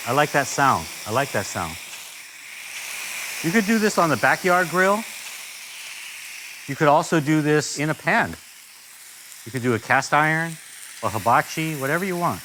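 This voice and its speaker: A man's voice: fairly high pitch, sing-song, normal speed, long pauses, noisy background. An American man from Los Angeles teaching a casual cooking lesson, talkative and enthusiastic, full of asides. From Los Angeles, United States. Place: kitchen with grill.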